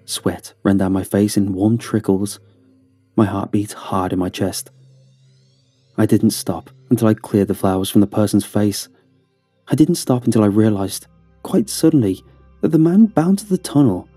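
Dark, husky male horror narrator. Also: on the low side, normal speed, pauses often, no room sound, soft background music. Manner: tense, dramatic storytelling. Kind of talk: first-person horror story narration.

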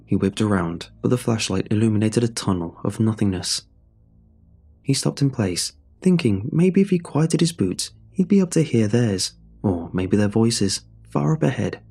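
A man narrating a true horror story in a measured, suspenseful way. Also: fairly low pitch, dark tone, husky.

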